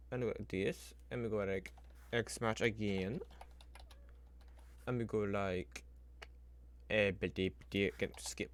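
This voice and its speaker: A man streaming as he builds a spreadsheet, thinking aloud in a casual, rambling way, talking to his computer and making up little sound effects. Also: on the low side. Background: keyboard typing and clicking.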